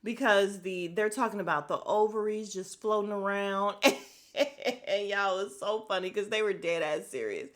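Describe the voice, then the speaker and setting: A woman hosting a podcast, recapping a reality show in a casual, animated and profane way, often laughing, speaking into a podcast microphone. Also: mid-range voice, normal speed. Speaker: podcast host.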